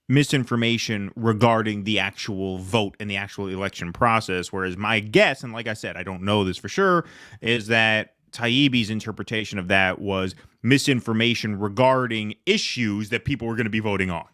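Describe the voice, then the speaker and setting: A man's voice: on the low side, normal speed, sharp tone, no room sound, clean studio sound. A man hosting a podcast, talking in a loose, rambling way full of hedging asides. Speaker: podcast host. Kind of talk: casual commentary chat.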